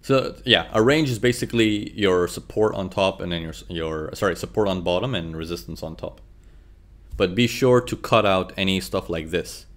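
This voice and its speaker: A man's voice: sits low, moderate pace. A man teaching trading over charts, talking animatedly, checking in often with "okay" and "right". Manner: animated, frequent "okay" and "right", acts out traders' thoughts. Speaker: trading instructor. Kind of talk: live chart lesson.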